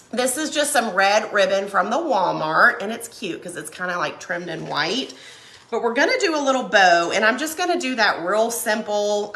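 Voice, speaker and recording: In a roomy recording with slight background noise, a woman with a cold speaks in a fairly low, gravelly, somewhat bright voice. She hosts a craft livestream, casually chatting and laughing while she crafts and responds to viewers' comments.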